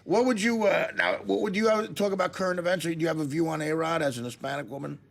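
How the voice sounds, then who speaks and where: A man's voice: fairly high pitch, fairly even intonation, quick pace, creaky. A man hosting a talk show, joking and teasing his guest and laughing often. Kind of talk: casual talk-show banter.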